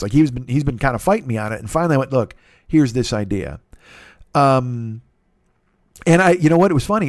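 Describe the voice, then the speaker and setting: A man's voice: medium pitch, no room sound, clean studio sound. A middle-aged man hosting his own podcast, talking alone in a rambling, profane, self-deprecating way. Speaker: podcast host. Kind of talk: solo podcast monologue.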